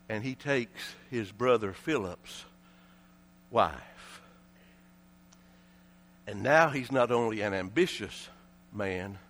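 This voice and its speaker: A man with an Appalachian accent preaching a sermon, telling the story dramatically, swinging between shouting and low hushed tones.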